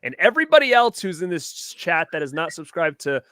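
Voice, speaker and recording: A man's voice: fairly high pitch, big pitch swings, fairly quick, dry recording, clean studio sound. A man hosting a live stream, reading viewer comments and greeting people by name. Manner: reads viewer comments, shouts out names. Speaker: host.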